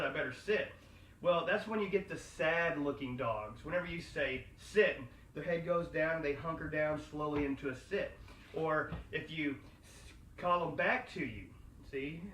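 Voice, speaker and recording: A man training his dog indoors and explaining the method to the camera in a calm, explanatory way, recorded from a distance in a house. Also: a little high, slight background noise. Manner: calm, explanatory, praising a dog in a slow sing-song. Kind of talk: instructional video talk. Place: inside a house. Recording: echoey room, distant mic, faint ambience.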